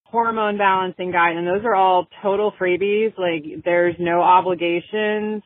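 A woman's voice: lowish voice, steady tone, unhurried, no room sound. A woman in her forties, a coach guest on a podcast, chatting casually and telling a story with lots of fillers. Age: 40s. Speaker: guest, women's health coach. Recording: tinny, phone-like remote audio.

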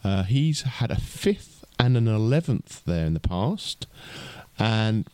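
A man's voice: on the low side, sing-song, takes it slowly, darkish tone, smooth, dry recording. A man co-hosting a casual podcast chat, rambling with lots of restarts. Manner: chatty, lots of fillers and restarts. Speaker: podcast co-host.

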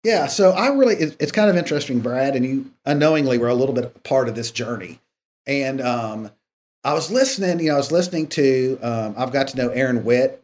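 This man, appearing as a podcast guest, speaks at a medium pitch and a fairly quick clip. He tells stories in a relaxed way, animatedly performing the dialogue as part of a casual interview.

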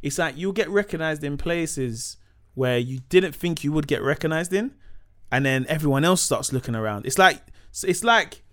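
Comic man on a podcast, bright high voice, lively delivery, acts out characters. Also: normal speed. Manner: slangy, acts out voices in his stories. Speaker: comedian guest. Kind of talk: animated anecdote telling on a podcast.

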